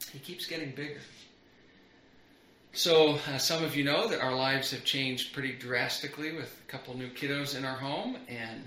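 A man's voice: medium pitch, pushed and bright, a little hiss or hum. A middle-aged man preaching a sermon as pastor, earnest and building on repeated phrases. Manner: earnest, repetitive build-ups. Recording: roomy echo.

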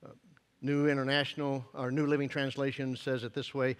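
A man's voice: medium pitch, little pitch movement, a little fast, smooth. A man in his fifties preaching a sermon, telling a folksy story in an earnest way with many hesitations. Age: 50s. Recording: long echoing hall reverb.

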